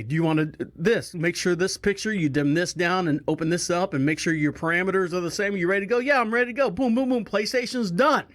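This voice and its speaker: High-voiced man rambling casually. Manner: rambling, animated, acts out quoted voices. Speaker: podcast host. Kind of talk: casual storytelling monologue.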